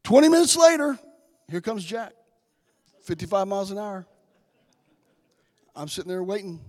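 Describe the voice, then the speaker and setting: A man in his sixties, a guest speaker giving a testimony sermon in a church, telling a story that builds to loud, slow preaching. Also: high-pitched, big pitch swings. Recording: long reverb in a church hall.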